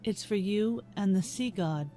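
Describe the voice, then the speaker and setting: A polite young female attendant from a game speaks in a measured, formal, deferential way, as a woman reads her lines. Her pitch is moderate, and clear music plays beneath her. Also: warm tone, lightly acted. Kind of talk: reading game dialogue aloud.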